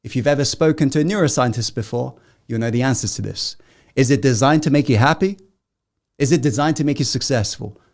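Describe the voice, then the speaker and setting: A man giving a motivational masterclass to an audience, peppering them with questions and swinging between loud rallying and hushed intensity. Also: mid-range voice, fairly quick. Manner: asks the audience constant questions. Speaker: self-help coach.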